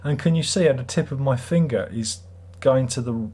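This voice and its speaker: A man's voice: medium pitch, normal speed, warm tone, husky. A middle-aged British man hosting a livestream, chatting in a rambling, wry, self-mocking way. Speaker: livestream host. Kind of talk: casual livestream chat.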